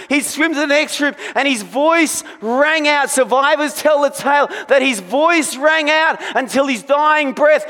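A man preaching a sermon to his church, building to shouted passages and dropping back to quieter storytelling. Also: very high voice, big-room sound. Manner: preaching with rising intensity, sometimes shouting. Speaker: pastor. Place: church sanctuary.

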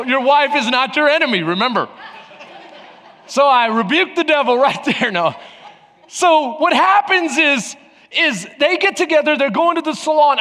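A man in his forties preaching as a pastor, telling funny family stories in an animated, joking way and acting out voices. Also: very high voice. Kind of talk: humorous sermon storytelling. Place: large church sanctuary. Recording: reverberant church hall.

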